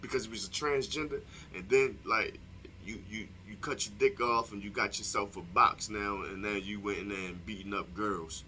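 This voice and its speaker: A man's voice: on the low side, steady tone, normal speed, pushed and bright, slight background noise. A young man delivering a heated, profane opinion monologue to his viewers, firing off rhetorical questions. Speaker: vlogger. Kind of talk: casual opinion monologue to camera.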